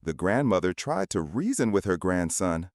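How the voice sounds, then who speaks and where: A man's voice: low voice, big pitch swings, moderate pace, no room sound, studio quality. A man narrating a scripted family drama in a dramatic storytelling manner.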